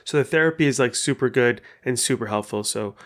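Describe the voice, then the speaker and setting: Young guy rambling on his podcast, lots of swearing, excitable, regular mid voice. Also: medium pitch, a little fast. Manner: animated, profane storytelling. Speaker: podcast host. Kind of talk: casual monologue.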